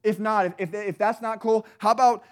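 A man's voice: high voice, steady tone, brisk, pitched above the performer's own voice, natural voice. A man voicing an ungrateful people sarcastically mocking God with exaggerated questions, during a sermon. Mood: sarcastic.

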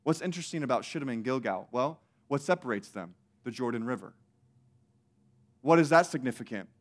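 A man preaching a sermon in an animated, emphatic way, with many rhetorical questions. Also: medium pitch, fairly quick.

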